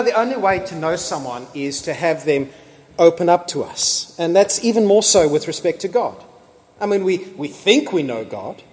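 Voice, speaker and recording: A man preaching a sermon in a church hall, animated and emphatic, building at times to near-shouting. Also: fairly high pitch. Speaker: pastor. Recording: long hall reverb.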